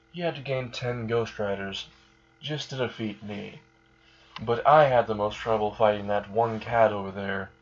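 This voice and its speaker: A man telling of an ancient scheming Mad Hatter. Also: lowish voice. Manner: casual, halting, says "you know". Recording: dull lo-fi recording.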